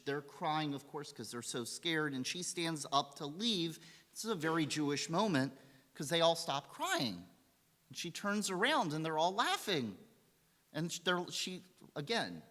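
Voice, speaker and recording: A man giving a holiday sermon as rabbi, telling a story and acting out the quotes in a lively way. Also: on the high side. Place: synagogue sanctuary. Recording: long hall reverb.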